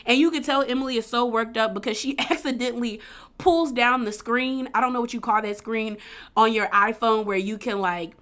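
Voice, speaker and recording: A woman's voice: a little high, normal speed, a bit bright. Chatty woman recapping a reality show. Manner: chatty, many fillers, acts out quotes. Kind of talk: casual video recap.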